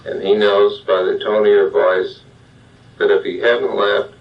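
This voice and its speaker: An older man, a psychologist, giving a measured self-help talk straight to the listener. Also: lowish voice, little pitch movement. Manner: plain, measured, addresses the listener directly. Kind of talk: slow guided self-help monologue. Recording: dull lo-fi sound, distant from the mic.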